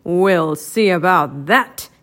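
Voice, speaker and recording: A woman's voice: lowish voice, slow, a bit bright, pitched below the performer's own voice. A woman voicing a gloating, cackling male villain professor from a storybook.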